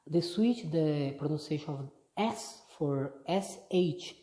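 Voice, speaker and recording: A woman's voice: low voice, slow pace, dark tone. A woman from Brazil, chatting casually in a vlog, easygoing and often restarting her sentences. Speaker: vlogger. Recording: echoey room.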